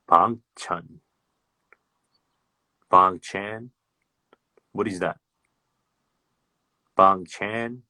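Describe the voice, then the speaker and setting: Aussie bloke on a phone live, low voice, swears a lot, dry close sound. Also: male voice, bright, forceful tone, no echo. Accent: Australian. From Australia. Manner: loose and profane, laughing, repeats words. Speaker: livestream host chatting with fans. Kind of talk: casual livestream chat.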